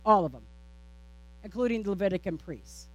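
A woman pastor preaching a sermon, with a steady, repetitive preaching cadence, rhetorical questions and playful, self-teasing asides. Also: mid-range voice, fairly quick.

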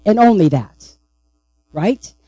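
A woman's voice: medium pitch, expressive, slow pace, dark tone, dry recording, rough recording. A woman pastor preaching a sermon, emphatic and repeatedly asking the congregation "right?".

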